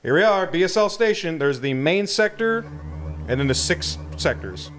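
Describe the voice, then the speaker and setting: A man's voice: high-pitched, animated, normal speed, fairly bright tone, slight background noise. A man co-hosting a let's play, casually explaining the game's history and mechanics to a friend. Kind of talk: casual gaming commentary. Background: game music.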